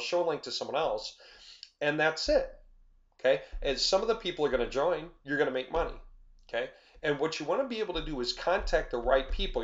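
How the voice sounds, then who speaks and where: A man explaining a marketing tool in a loose, conversational sales pitch, often checking in with "right?" and "okay?". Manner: acts out little scenes in quoted voices. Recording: slightly dull lo-fi audio.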